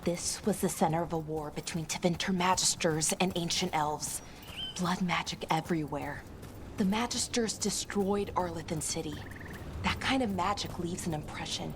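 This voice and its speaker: A woman voicing an earnest, low-voiced elf companion. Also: normal speed, noisy background, natural voice. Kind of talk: video game voice acting.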